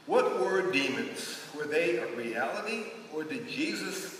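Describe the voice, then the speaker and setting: Guy chatting thru a bible lesson, rambly, bright voice, sounds far off in a big echoey hall. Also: a little high, animated, a little slow, few pauses, slight background noise. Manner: rambling and conversational, with restarts and asides. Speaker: Bible study leader. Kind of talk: informal Bible teaching.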